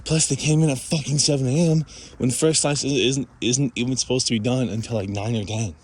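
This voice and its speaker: A young man vlogs while walking by a street, his medium-pitched voice steady, brisk, a little mellow, with a breathy edge. The casual talk to camera is rambling and self-conscious, full of fillers and restarts. Street noise is audible behind.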